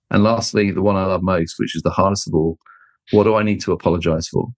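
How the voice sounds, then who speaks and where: Middle-aged male guest, slightly low voice, expressive anecdote teller, dry close mic. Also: fast talker, no room sound. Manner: expressive, acts out quoted people with jumps in pitch. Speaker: guest, leadership author and speaker. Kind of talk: animated storytelling in conversation.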